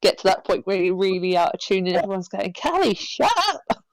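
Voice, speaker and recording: A woman player chatting casually during a tabletop game, quick to laugh. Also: lowish voice, monotone, a little mellow, no room sound. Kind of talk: casual chat.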